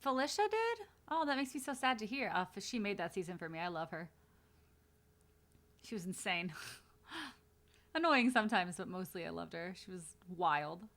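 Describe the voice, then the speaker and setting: Female streamer, bright tone, casual blunt watch-party commentary, swears freely. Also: mid-range voice, very animated, moderate pace, pauses often.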